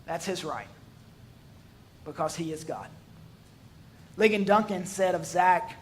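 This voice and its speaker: A man's voice: on the high side, expressive, takes it slowly, long pauses. A male pastor preaching a sermon, mixing jokes into his storytelling and swelling to emphatic peaks.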